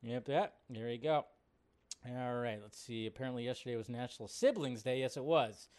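A man's voice: mid-range voice, normal speed, a little mellow, clear, resonant tone. A man hosting a casual livestream, chatting and greeting viewers by name and laughing easily. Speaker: livestream host. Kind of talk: casual live chat reading viewer comments.

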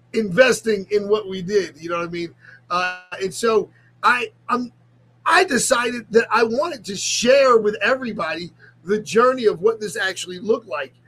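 A middle-aged man talking in an emotional confessional vlog, close to tears, halting and often restarting his sentences. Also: high voice, fairly bright tone, low-quality recording. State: on the verge of tears. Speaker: ministry leader and vlogger.

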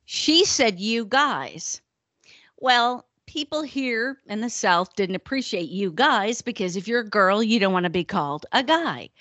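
Lively, animated woman podcast co-host. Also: mid-range voice, measured pace, no room sound. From the American North. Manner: animated, laughs often, storytelling. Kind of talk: casual chat.

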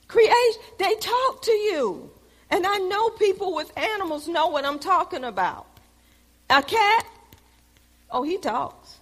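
A woman teaching a Bible lesson in a preaching style, telling stories with lively, loud exclamations. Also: very high voice, slow pace. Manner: animated storytelling, rises to loud exclamations. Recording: long hall reverb.

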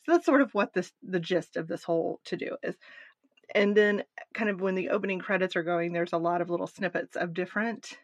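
A woman co-hosting a podcast, recapping a documentary in casual chat with animated asides. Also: on the low side, a little fast, no echo. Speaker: podcast co-host.

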